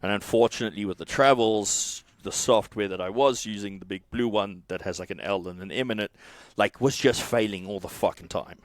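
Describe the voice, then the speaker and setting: A man who coaches and co-founded a software company, telling a casual podcast story full of swearing, restarts and fillers. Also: on the low side, fairly quick, no echo. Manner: swears often, rambling with restarts.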